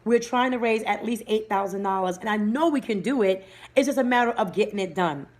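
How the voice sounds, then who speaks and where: A woman's voice: mid-range voice, brisk. A woman hosting a live-streamed motivational talk, speaking energetically and breaking off to greet viewers by name. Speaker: livestream host and motivational speaker.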